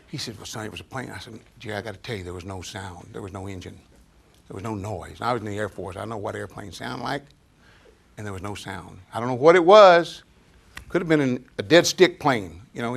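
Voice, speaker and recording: Husky and mid-range with vocal fry, an older male storyteller chats in a folksy way before a small audience, frequently chuckling as he shares anecdotes.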